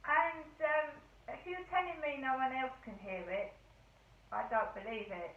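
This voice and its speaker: A woman's voice: high voice, unhurried, far from the mic. A woman rambling through an indignant casual monologue as a vlogger. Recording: tinny phone-like, roomy echo.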